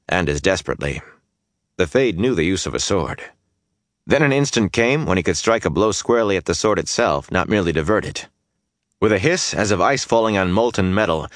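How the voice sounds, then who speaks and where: A man's voice: deep voice, no room sound, clean studio sound. A man narrating a fantasy audiobook with intense, dynamic storytelling that swells through the battle scenes.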